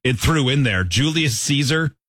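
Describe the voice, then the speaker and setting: A man's voice: mid-range voice, expressive, moderate pace, fairly bright tone, husky, no echo. A man hosting an impressions game, calling out prompts in a playful, laughing comedy banter. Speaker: host running an impressions game.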